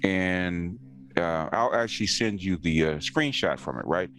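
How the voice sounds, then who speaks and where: A man's voice: low-pitched, expressive, unhurried, a bit bright. A man in casual conversation, talking emphatically and insistently, circling back to stress his points. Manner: emphatic, insistent, leans on repeated words.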